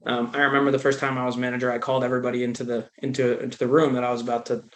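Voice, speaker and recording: A man's voice: mid-range voice, flat delivery, racing, fairly bright tone. A man with a mid-range voice speaks on a webinar panel. He talks casually and sprinkles his speech with fillers. He comes through a video call. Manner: casual, many "like" and "right". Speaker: sales leader panelist.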